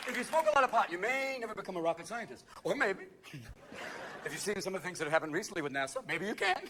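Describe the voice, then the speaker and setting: A man's voice: high-pitched, animated, very fast, over a noisy crowd. A man doing stand-up comedy on a theater stage, manic and profane, jumping between voices. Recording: live show, loud audience noise.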